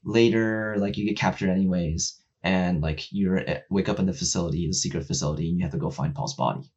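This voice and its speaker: In a deep, husky voice, a man talks fast and casually as he retells a video game story, rambling, swearing, and leaning on lots of fillers. He acts out the characters' lines and turns loud and excited whenever he makes a point. The recording sounds muffled.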